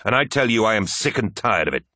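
A man's voice: deep voice, lively intonation, moderate pace, fairly bright tone, no room sound, clean studio sound. A man voicing a proud, imperious male warlord in an audiobook reading, with stern, lofty speech. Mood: angry.

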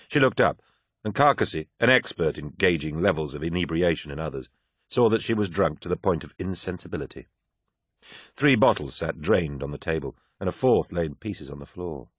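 A man reading a novel aloud in a measured, even storytelling manner. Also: low-pitched, breathy edge, dry recording, studio quality. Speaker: audiobook narrator. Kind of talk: scripted audiobook narration.

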